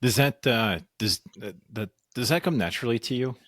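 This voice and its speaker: A man's voice: mid-range voice, moderate pace, fairly bright tone, dry recording, studio quality. A man hosting a podcast, asking questions and sharing candid, self-deprecating stories in casual conversation. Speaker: podcast host.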